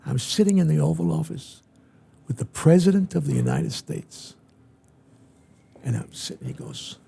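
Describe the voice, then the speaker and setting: Older male guest, gravelly and husky, high lively storyteller who jumps into other people's voices. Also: normal speed, long pauses. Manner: acts out quoted voices with big pitch swings. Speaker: interview guest, veteran entertainer. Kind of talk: animated storytelling in an interview.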